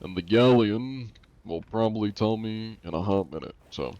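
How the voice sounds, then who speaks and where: Man, put-on Russian accent, joking livestream chatter, lowish voice, slightly muffled audio. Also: normal speed, a little mellow, no room sound. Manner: joking, teasing, playing a mock-Russian persona. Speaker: streamer. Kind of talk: casual livestream gaming chat.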